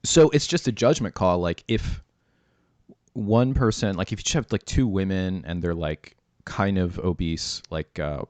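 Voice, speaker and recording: Deep-voiced rambling male podcast host. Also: darkish tone, dry recording. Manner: rambling, filler-heavy, quick to laugh. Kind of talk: casual podcast chat.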